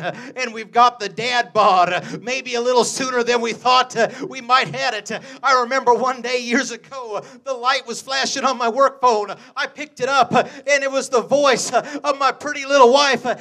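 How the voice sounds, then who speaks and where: High, bright-voiced middle-aged male pastor. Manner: chuckles often between phrases, peppers speech with "uh" and "amen"; swings from low asides to loud, fervent preaching. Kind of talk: storytelling sermon.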